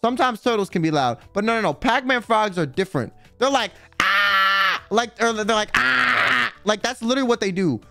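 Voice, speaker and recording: Brief: male streamer, high and bouncy voice, smooth and dry, rambling profane chat over faint music. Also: quick pace, few pauses, dry recording. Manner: rambling, profane, heavy use of "like"; animated, dramatic emphasis. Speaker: livestream host.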